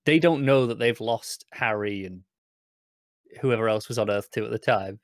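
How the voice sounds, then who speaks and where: A man's voice: on the low side, moderate pace, no room sound. A man co-hosting a casual TV podcast, with dry, sardonic remarks. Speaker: podcast co-host.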